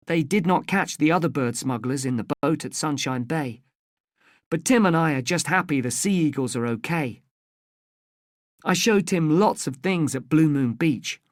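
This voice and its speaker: A narrator reading a simple story aloud in a plain, careful and deliberate way for English learners. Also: medium pitch, no room sound, clean studio sound.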